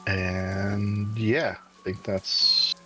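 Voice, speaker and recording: A man playing a tabletop game, hesitant and halting, clearing his throat. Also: fairly low pitch, little pitch movement, sharp tone, faint music behind, rough recording. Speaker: player.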